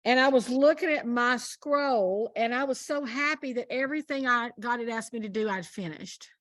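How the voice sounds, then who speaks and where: A woman speaks as a guest minister in a casual faith conversation, with a high voice. She tells her story earnestly and with emphasis. The sound is dry and close. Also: normal speed, fairly bright tone, no room sound.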